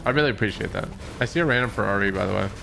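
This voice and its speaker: A man's voice: fairly low pitch, rapid-fire, creaky, over music. A man hosting a casual gaming livestream, joking around, scatting nonsense syllables and yelping when surprised. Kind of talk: casual gaming stream chat.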